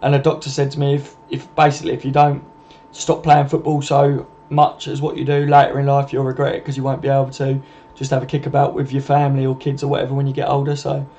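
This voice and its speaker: Sweary, matey young man, mellow voice. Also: medium pitch, monotone, quick pace. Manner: sweary, laughing, matey banter. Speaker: live stream host reading viewer comments. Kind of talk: casual live stream chat.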